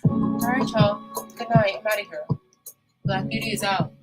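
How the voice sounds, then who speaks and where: Animated New York woman host, music behind. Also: normal speed, poor audio. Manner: animated, swings pitch and loudness. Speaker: livestream host. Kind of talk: casual live chat.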